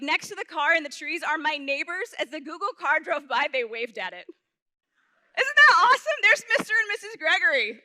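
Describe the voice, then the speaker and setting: A young woman speaks at a youth conference, storytelling with animation and acting out each quoted line. Her voice is bright and a bit high. The sound is dry and close. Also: no echo. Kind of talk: storytelling faith talk.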